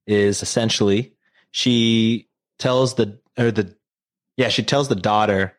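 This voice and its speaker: A man's voice: lowish voice, steady tone, takes it slowly. A man casually retelling a story to friends, rambling and profane, full of fillers and jokes.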